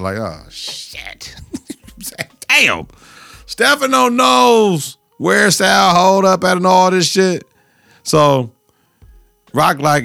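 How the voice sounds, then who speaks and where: A man's voice: mid-range voice, animated, measured pace, vocal fry, fairly bright tone, no echo, clean studio sound. A man hosting a podcast, recapping a TV episode in loose, slang-heavy casual chat with repeated catchphrases.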